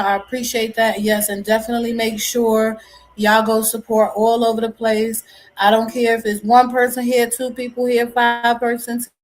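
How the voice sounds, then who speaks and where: A woman talks to her livestream viewers in a loose, chatty way. She sounds keyed up and excited and keeps greeting people in the chat by name. Her voice sits a little high for a woman. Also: low-quality recording. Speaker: livestream host.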